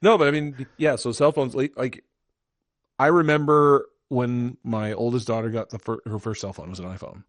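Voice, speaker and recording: A middle-aged man co-hosting a casual podcast chat with quick, wry remarks. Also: mid-range voice, steady tone, dry recording. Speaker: podcast co-host.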